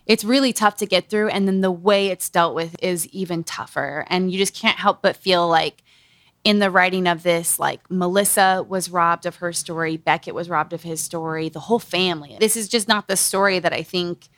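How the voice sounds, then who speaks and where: A woman's voice: on the low side, normal speed, a bit bright, dry recording, studio quality. A woman hosting a casual book-review podcast, reading passages aloud and breaking in with sarcastic asides. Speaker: podcast host.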